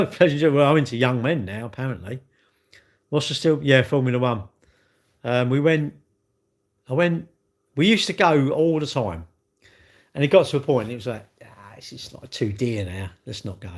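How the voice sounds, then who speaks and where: A middle-aged man, chatting casually and cheekily with viewers on a livestream. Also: medium pitch. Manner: chatty, cheeky banter, swearing. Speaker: livestream host. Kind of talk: casual livestream chat reading comments.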